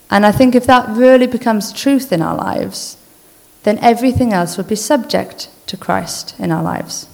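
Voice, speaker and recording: A woman giving an informal church talk, speaking earnestly in a conversational way and then reading a list slowly and deliberately. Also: mid-range voice, gravelly, darkish tone. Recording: long hall reverb.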